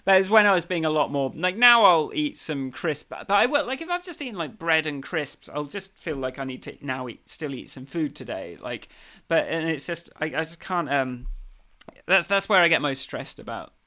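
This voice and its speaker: A man talking on a podcast in a loose, rambling way, stopping and restarting his sentences. His voice sits a little high for a man and rings bright and forceful. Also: sing-song, normal speed. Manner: rambling, hesitant, lots of fillers and restarts. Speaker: podcast co-host. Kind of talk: casual conversation.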